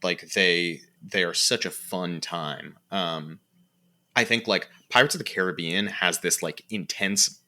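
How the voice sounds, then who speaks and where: A man's voice: deep voice, unhurried, bright, forceful tone. A man co-hosting a podcast who gushes effusively about movies in casual chat. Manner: gushing and effusive. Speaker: podcast co-host.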